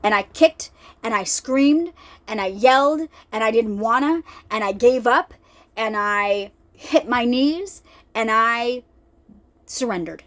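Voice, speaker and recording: High-pitched lady chatting about the bible, animated, keeps repeating herself, says y'all a lot. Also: takes it slowly. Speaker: faith vlogger. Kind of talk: casual Bible talk. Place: lives in an RV.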